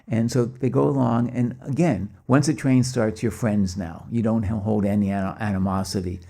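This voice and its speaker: A man telling anecdotes to a gathering, briskly voicing the people in his stories and chuckling between them. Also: lowish voice, creaky. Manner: lively storyteller voicing quoted dialogue. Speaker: speaker at a spiritual gathering. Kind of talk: anecdotal storytelling talk.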